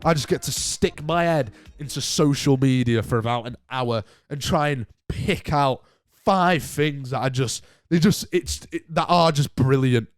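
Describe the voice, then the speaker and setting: In a clean studio recording with no room sound, a young Northern English man speaks at a medium pitch while hosting his own solo podcast. His style is jokey and conversational, wandering through his points with frequent restarts.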